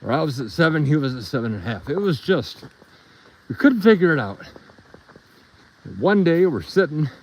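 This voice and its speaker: Rambling man with a lively voice. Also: fairly high pitch, normal speed, long pauses, rough recording. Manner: rambling, talks to viewers and his dogs. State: a bit out of breath from hiking. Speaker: live streamer walking his dogs. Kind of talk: casual storytelling while walking. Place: outdoors on a trail by a river.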